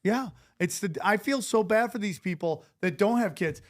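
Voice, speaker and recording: A man hosting a podcast in casual chat, joking and telling animated stories. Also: high-pitched, moderate pace. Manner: animated, jokey storyteller who mimics others. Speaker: podcast host.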